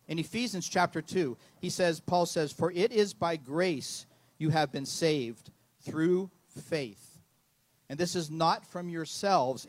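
Middle-aged male pastor, slightly high voice, earnest sermon delivery, dry close sound. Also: no room sound. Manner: earnest storytelling with repeated words.

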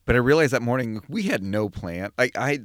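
A man's voice: mid-range voice, expressive, no echo, studio quality. Playful podcast host, man. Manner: playful, teasing and quick to laugh. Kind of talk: casual podcast chat. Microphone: studio microphone.

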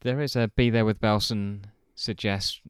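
A man's voice: fairly low pitch, steady tone, moderate pace, smooth, no echo. A man hosting a podcast, chatting in a rambling, friendly way and correcting himself as he goes. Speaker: podcast host. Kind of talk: casual podcast sign-off.

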